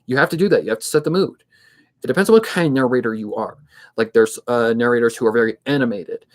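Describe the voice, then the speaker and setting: A man in his twenties who narrates fanfic readings, chatting casually on a livestream in a steady, somewhat monotone way and thinking aloud as he goes. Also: mid-range voice, quick pace. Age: 20s.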